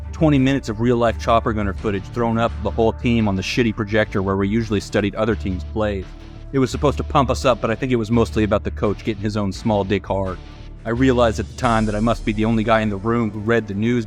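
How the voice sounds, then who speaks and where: A young man from the United States reads a scripted video essay in a sardonic, opinionated tone, swearing freely. His voice sits at a middle pitch. Soft music plays faintly underneath. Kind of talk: scripted commentary narration.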